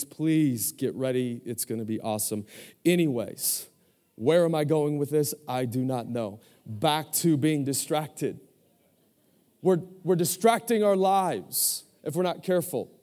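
Energetic pastor preaching in a reverberant hall. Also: male voice, a little high, moderate pace. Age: 40s. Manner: energetic call-and-response preaching. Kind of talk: sermon.

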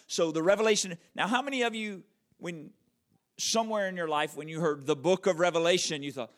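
A man preaching a conversational sermon, checking in with the audience with frequent questions and slowing right down to stress key words. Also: high voice. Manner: wide swings in loudness and emphasis, drawn-out slow words. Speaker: pastor.

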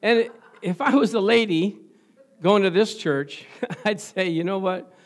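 A pastor with a high-pitched voice preaches to his congregation at an unhurried pace, quizzing them and laughing often. He slips into quiet, confiding asides before surging into loud, fervent emphasis.

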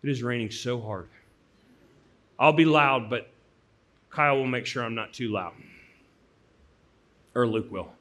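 A man's voice: medium pitch, a little slow, pauses often. A man from the US Midwest, a pastor, preaching an earnest sermon and telling stories conversationally. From St. Louis, US Midwest. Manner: earnest, conversational storyteller, swinging from loud to hushed.

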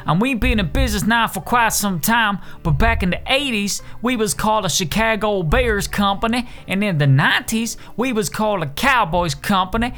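A man's voice: sits high, fairly bright tone, voice pushed up. An Irish man doing a chirpy ad-spot company boss. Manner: breezy salesman patter.

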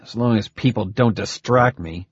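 Dude doing a sarcastic gruff soldier guy, lively swings, a bit husky, dull dry sound. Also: fairly high pitch, moderate pace, no room sound, voice pushed up. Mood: sardonic. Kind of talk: audiobook character voice.

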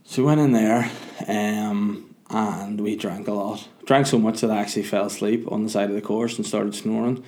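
Low-voiced man telling a rambling story. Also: steady tone, normal speed, a little mellow. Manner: rambling, jokey, self-mocking. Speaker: vlogger. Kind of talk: casual storytelling.

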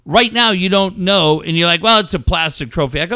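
A middle-aged man hosting a podcast, telling a story in casual, profane talk that rises into shouting. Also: high-pitched, brisk, smooth, no room sound, clean studio sound. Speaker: podcast host.

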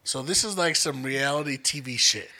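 A young man telling stories in casual, profane chat, acting out the people he quotes with lively voices. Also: medium pitch, moderate pace. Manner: animated, profane, acts out quotes in many voices. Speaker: podcast co-host telling stories.

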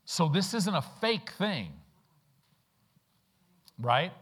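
A pastor preaching a sermon, telling stories with lively rhetorical questions and acted-out quotes. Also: male voice, sits high, drawn-out words, slightly rough. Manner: animated storytelling with rhetorical questions. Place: church in the Midwest.

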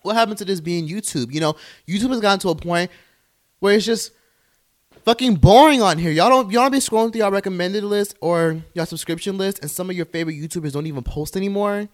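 A man's voice: sits high, brisk. Profane young man ranting on a podcast. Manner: profane, animated ranting with mocking quoted voices. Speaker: podcast host. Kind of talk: solo podcast rant.

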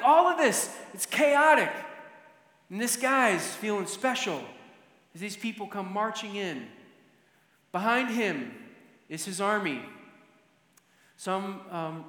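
A man's voice: high-pitched, bright, forceful tone. A man telling a story to teach, acting out the scene vividly. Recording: echoey hall with long reverb.

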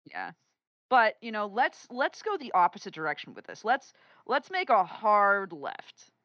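A woman's voice: medium pitch, measured pace, no echo. A woman co-hosting a casual podcast, playful and joking, then asking interview questions. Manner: playful, lively, drops to a hushed tone for jokes. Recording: dull lo-fi dry sound.

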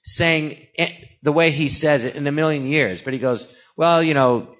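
Older comedian guy from california, animated storyteller, lots of restarts. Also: a little high. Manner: animated storyteller, acts out anecdotes, halting restarts. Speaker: comedian guest. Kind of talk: casual storytelling interview.

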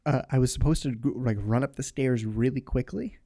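Young adult male guest, mellow tone, loose rambling chat. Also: medium pitch, a little fast. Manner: rambling, full of "like" fillers. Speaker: podcast guest. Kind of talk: casual chat.

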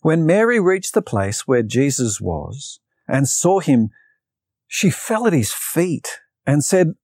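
A man's voice: fairly high pitch, very animated, slow, a little mellow, slightly rough, dry recording, studio quality. A man preaching an earnest sermon, telling a personal story and reading Bible passages aloud. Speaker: pastor. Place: preaching to an online congregation.

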